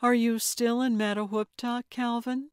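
A woman's voice: a little high, little pitch movement, measured pace, clear, resonant tone, no echo, clean studio sound, voice pushed up, lightly acted. A woman voicing a charming, gracious older lady who speaks in a sweet, cooing, lilting way in an audiobook. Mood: wistful. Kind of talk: audiobook character voice.

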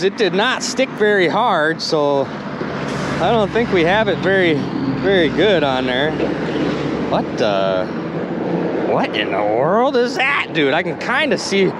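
A young man vlogging outdoors by the water, exclaiming excitedly to his viewers. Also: sits high. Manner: excitable, exclaiming, addresses viewers as you guys. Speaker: magnet fishing vlogger. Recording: noisy outdoor recording.

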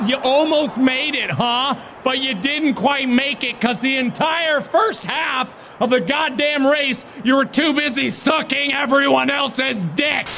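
A man doing gameplay commentary, swearing and yelling in explosive frustrated outbursts. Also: extremely high pitch, very animated, slow pace, creaky, few pauses, background noise. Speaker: gaming video creator.

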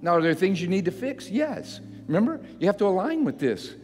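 Older male pastor, folksy sermon, slightly high voice, church hall reverb, faint music behind. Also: sing-song, fairly quick. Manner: folksy, self-mocking preaching that swells to loud emphatic repetition. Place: church sanctuary.

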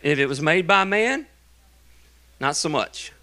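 A man's voice: fairly high pitch, expressive, a little slow, bright, forceful tone. A middle-aged man, a pastor preaching a sermon in a church in a folksy manner, with joking asides between emphatic points. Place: church sanctuary.

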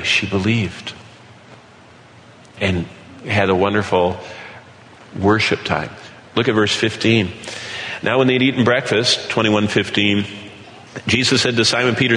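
A man preaching an earnest sermon, slowing down to read scripture aloud. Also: fairly low pitch, fairly bright tone. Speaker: pastor. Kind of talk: sermon teaching. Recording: echoey hall with light background noise.

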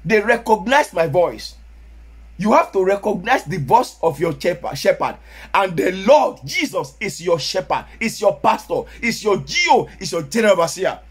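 A man with a Nigerian Yoruba accent, preaching a sermon as pastor, sometimes rising to shouts. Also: high voice, expressive, normal speed, slightly rough.

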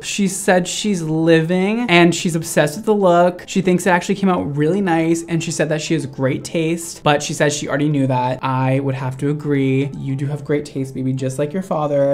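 A young man hosting a hair-styling vlog, chatting casually and gushing, with sudden high squeals of delight. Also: moderate pace, hardly any pauses, soft background music. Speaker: hairstylist and video host.

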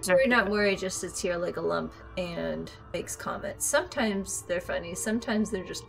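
A woman's voice: lowish voice, normal speed, creaky, faint music behind. A woman hosting a casual chat, joking at her own expense and tripping over words. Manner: jokey, self-deprecating, trips over words. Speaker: host and gamer.

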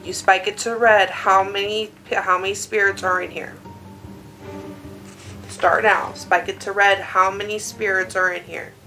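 A woman's voice: medium pitch, flat delivery, measured pace, sharp tone, soft background music, low-quality recording. A woman, the host's daughter, earnestly asking a spirit the same questions again and again at home. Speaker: daughter of the host. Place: at home indoors.

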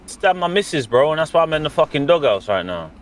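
A man in a game chat, flustered and hurried, repeating himself. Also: a little high, big pitch swings. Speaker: roleplay player. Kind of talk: casual game banter.

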